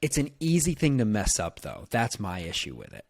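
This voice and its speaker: A man's voice: on the low side, wildly swooping pitch, moderate pace, vocal fry, no echo. A man hosting a casual sports podcast, easygoing and agreeable, laughing along with his guest. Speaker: podcast host.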